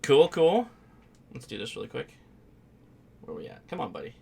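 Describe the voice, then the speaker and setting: A man's voice: mid-range voice, big pitch swings, normal speed, vocal fry, mellow, breathy edge. A man hosting a ham radio live stream, chatting casually and rambling with fillers and restarts.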